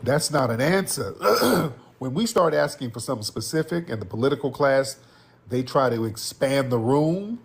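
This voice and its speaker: A man's voice: medium pitch, animated, moderate pace, creaky, slightly rough. A man giving political commentary in an emphatic, scolding way.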